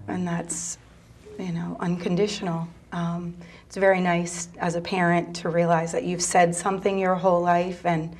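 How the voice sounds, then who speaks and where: A middle-aged mother telling a personal story in an interview, soft-spoken and halting, sometimes dropping to a near whisper. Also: fairly low pitch, flat delivery. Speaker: mother of a gay teen son; interview guest.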